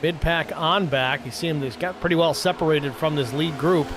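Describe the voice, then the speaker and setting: A man hosting and calling a sim race play-by-play in a brisk, matter-of-fact way. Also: fairly high pitch, very noisy. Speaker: play-by-play host. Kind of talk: sim racing play-by-play commentary.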